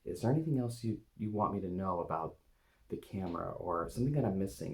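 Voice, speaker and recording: A man with a deep voice and a gravelly edge talks softly and hesitantly as he leads a guided meditation on camera. He pauses often and fills the gaps with soft fillers while speaking gently to an inner part with his eyes closed. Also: expressive. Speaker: eating coach and video host.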